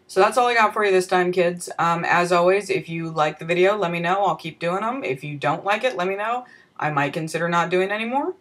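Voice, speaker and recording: A woman vlogger telling a comic personal story in a wry, profane manner with deadpan asides. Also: lowish voice.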